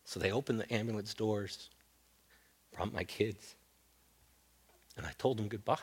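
A middle-aged man preaching a sermon as pastor, moving between loud emphatic points and quiet storytelling. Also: fairly low pitch, fairly quick, pauses often, breathy edge.

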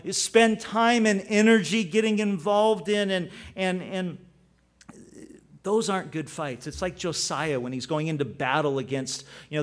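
A man preaching a sermon in a conversational style. He tells stories, and his delivery shifts between chatty asides and sudden emphatic peaks. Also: a little high. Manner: conversational, storytelling with animated emphasis. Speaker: pastor.

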